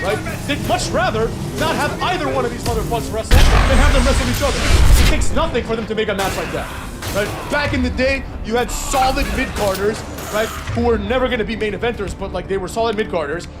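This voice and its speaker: Brief: high-voiced male streamer, profane rambling rant, clear music underneath. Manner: profane, rambling, many "right?" tag questions. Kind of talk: casual ranting commentary.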